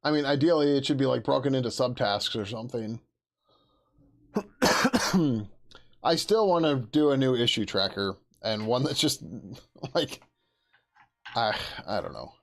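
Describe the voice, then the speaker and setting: A software developer hosts a casual livestream, talking in a laid-back, rambling way with lots of swearing and frequent laughter. His medium-pitched voice is animated yet unhurried, broken up by long pauses.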